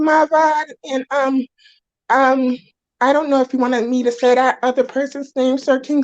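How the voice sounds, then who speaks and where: A woman's voice: sits high, no room sound, muffled recording. A young woman on a live stream, rambling in a giggly, worked-up rant. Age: young adult. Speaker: stream guest.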